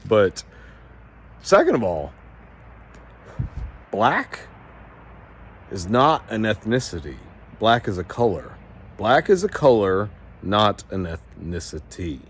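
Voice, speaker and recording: A man's voice: lowish voice, very animated, a little slow, a little hiss or hum. A man talking to the camera in his own video, smug and defiant, giggling between points. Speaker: video maker. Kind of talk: self-recorded video monologue.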